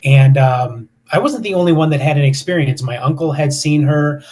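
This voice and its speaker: A man's voice: fairly high pitch, normal speed, a little mellow. A man in his fifties, a paranormal investigator, telling stories casually in an interview with many fillers and restarts.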